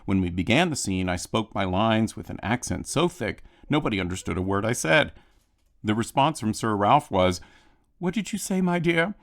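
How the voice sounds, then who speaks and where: A man with a lowish voice narrates a prepared film commentary. He tells backstage anecdotes at a measured pace and gives the quoted lines a little voice of their own. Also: expressive. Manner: measured storytelling, lightly acting out quotes. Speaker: film historian giving audio commentary. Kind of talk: scripted commentary reading.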